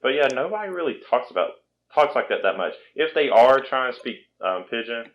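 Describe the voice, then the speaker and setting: A man's voice: medium pitch, sing-song, a little fast, dull audio. Rambling Southern-accented young man. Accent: Southern American. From Virginia. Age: 20s. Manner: rambling, self-deprecating, frequent restarts. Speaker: podcast host. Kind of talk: casual chat.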